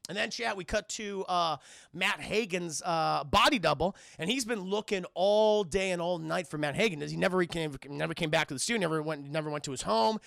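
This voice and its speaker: A man's voice: high-pitched, normal speed, vocal fry, dry recording, studio quality. A man recapping a cartoon episode on a live stream, cursing freely and acting out scenes as he goes. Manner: profane, animated, acts out scenes in voices.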